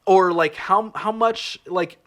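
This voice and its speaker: A man's voice: high voice, takes it slowly, fairly bright tone. A man hosting a podcast, talking casually and rambling, with frequent restarts and fillers. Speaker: podcast host.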